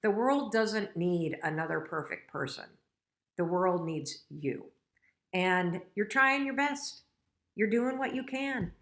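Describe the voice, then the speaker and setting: A woman's voice: mid-range voice, animated, takes it slowly. A middle-aged woman hosting a casual live stream, talking frankly and motivationally and getting emotional and choked up. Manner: emotional, gets choked up and tearful. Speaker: host.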